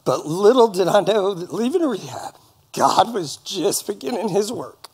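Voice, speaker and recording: A man's voice: high-pitched, animated, measured pace, a little mellow, husky. A middle-aged man giving an earnest, folksy personal testimony to a church congregation, with touches of light humor. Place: church service in front of a congregation.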